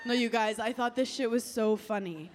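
A woman's voice: fairly high pitch, moderate pace. A young woman doing a stand-up comedy set, brash and playful, laughing through her punchlines. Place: comedy stage before a live audience. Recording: loud live crowd and noise.

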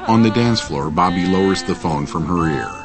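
A man reading scripted audio description in an even, measured way. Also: low voice, music in the background.

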